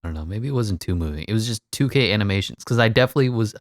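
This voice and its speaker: A man giving casual, excitable commentary over his own gameplay, laughing at the game and mocking himself. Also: rapid-fire, hardly any pauses, no echo, studio quality. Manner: excitable, voice jumps high when hyped. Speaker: gaming commentator.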